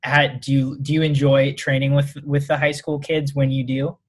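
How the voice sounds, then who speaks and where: A man's voice: medium pitch, normal speed. Male podcast interviewer, easygoing and a bit hesitant. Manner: relaxed, hesitant, with fillers and restarts. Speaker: podcast host. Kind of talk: interview questions.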